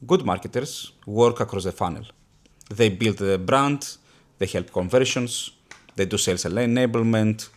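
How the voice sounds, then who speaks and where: Low-voiced man hosting a business chat. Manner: thoughtful, halting restarts. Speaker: podcast host. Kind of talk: casual business conversation.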